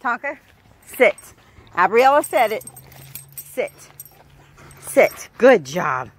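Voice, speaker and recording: A woman's voice: medium pitch, big pitch swings, extremely slow, long pauses. A woman filming at home on a handheld phone, talking baby-talk to her dogs and a small child in a cooing, coaxing voice. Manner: cooing, sing-song, coaxing. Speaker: dog owner filming her pets.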